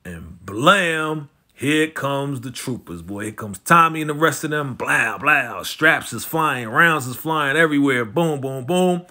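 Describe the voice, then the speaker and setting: Animated man recapping a TV episode. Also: mid-range voice, a little slow, hardly any pauses. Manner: animated slangy retelling, acting out characters' lines.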